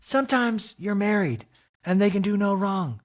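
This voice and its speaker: A man's voice: high voice, animated, moderate pace, pitched above the performer's own voice. A man voicing an irritated, defiant middle-aged reality-TV wife in a mockingly dramatic way.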